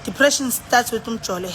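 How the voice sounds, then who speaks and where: Her voice is medium in pitch and a bit bright, with slight noise behind it. She's a livestreamer with a South African accent, a little drunk, rambling and sighing into her phone in casual chat. She moves back and forth between languages.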